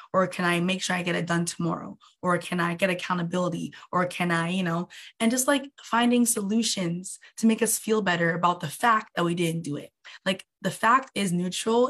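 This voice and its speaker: A young woman, an online coach, giving a casual motivational talk on a livestream and acting out inner voices with big jumps in pitch. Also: fairly bright tone.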